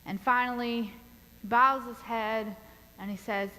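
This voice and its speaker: Woman pastor, sermon, deliberate storytelling, bright ringing tone, long church reverb. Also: on the high side, steady tone. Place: church sanctuary.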